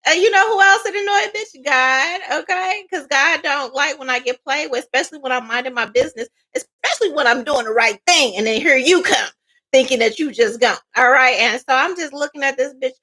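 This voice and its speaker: A woman tarot reader giving a blunt, profane, animated spiritual monologue in a casual way. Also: sits high, a little fast.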